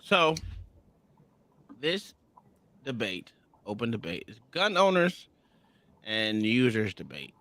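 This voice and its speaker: A man's voice: medium pitch, big pitch swings, slow, long pauses, bright, forceful tone. A man co-hosting a casual podcast, throwing in wry remarks and introducing the topic. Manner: wry interjections, reads out topic. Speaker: podcast co-host. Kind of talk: casual chat.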